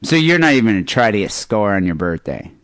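A man's voice: lowish voice, sing-song, quick pace, fairly bright tone, dry recording. A man hosting a podcast, chatting casually with a sardonic, teasing manner. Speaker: podcast host. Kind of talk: casual chat.

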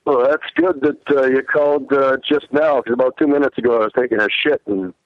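A man of about forty phones in to a talk show, rambling in a cynical, self-deprecating way and sounding a little winded during the crude, casual chat. His medium-pitched voice is fairly even and a bit quick, heard over a muffled phone line.

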